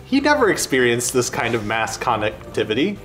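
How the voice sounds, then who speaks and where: A man's voice: medium pitch, wildly swooping pitch, brisk, a bit bright, soft background music. A man hosting a livestream, giving a mock-grand improvised speech with a swooping delivery.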